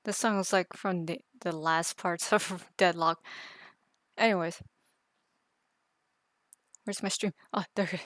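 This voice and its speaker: A woman's voice: lowish voice, steady tone, a little slow, long pauses, fairly bright tone, no echo. A woman chatting casually on a live art stream, rambling and laughing at herself. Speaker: artist streamer.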